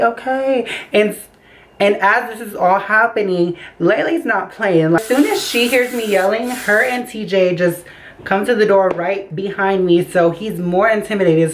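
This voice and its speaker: A young woman telling a story casually in her bedroom, animated and acting out the quotes. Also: mid-range voice, slight background noise, low-quality recording. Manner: animated, acts out quotes with voices. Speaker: storytime vlogger. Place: bedroom by a window.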